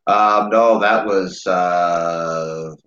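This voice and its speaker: A man's voice: sits low, steady tone, extremely slow, a bit bright. A man co-hosting a podcast in casual chat, easygoing and agreeable, laughing often. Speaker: podcast co-host. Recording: echoey room with dull lo-fi sound.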